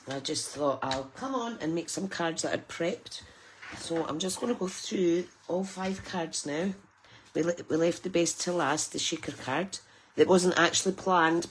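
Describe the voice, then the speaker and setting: Her voice sits low and moves at a normal speed, with slight background noise. She's a middle-aged British craft demonstrator chatting and laughing with viewers as she makes cards on a live stream.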